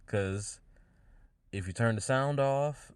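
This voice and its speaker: A man's voice: medium pitch, clear, resonant tone, no echo. A podcast host, a man, giving his own views in casual solo talk, often restarting his phrases as he thinks them through. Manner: halting, restarts phrases often, musing aloud.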